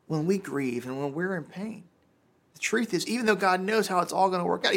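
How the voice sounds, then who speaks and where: Gravelly-voiced male pastor preaching casually. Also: on the high side, a bit bright. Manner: casual, conversational preaching with many fillers. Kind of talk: sermon.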